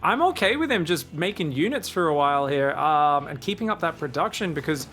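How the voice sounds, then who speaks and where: Rapid, high-voiced male esports caster. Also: faint music behind. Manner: energetic, rapid, with tag questions. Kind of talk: live play-by-play commentary.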